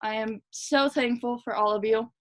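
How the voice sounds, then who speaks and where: A young woman team leader giving a fast, chatty, energetic motivational talk to her team. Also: a little high. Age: young adult. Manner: fast, chatty, energetic, lots of "like" and "you guys". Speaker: direct sales team leader.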